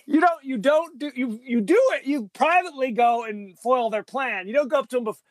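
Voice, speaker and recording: Man, podcast co-host, high and lively voice, casual movie chat, dry close sound. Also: fairly quick, hardly any pauses, no echo. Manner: animated, acts out quotes in changing voices.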